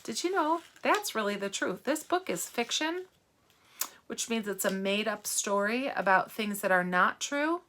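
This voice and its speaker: A woman reading a novel aloud to children and stopping to ask them gentle, teacherly questions. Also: mid-range voice, expressive, a little slow. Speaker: read-aloud narrator for children.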